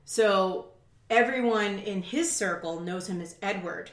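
A woman's voice: mid-range voice, measured pace. A woman co-hosting a podcast, telling casual stories with dry asides. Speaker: podcast co-host. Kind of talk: casual chat. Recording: echoey room.

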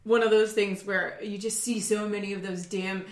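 A woman chatting casually about dating, telling animated stories full of quoted lines and swearing. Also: mid-range voice, moderate pace, echoey room.

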